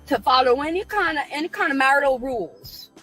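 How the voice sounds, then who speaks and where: A woman's voice: sits high, lively intonation, fairly quick, bright, forceful tone, soft background music. A woman on her own live stream, ranting at critics in a combative, preachy way and repeating herself.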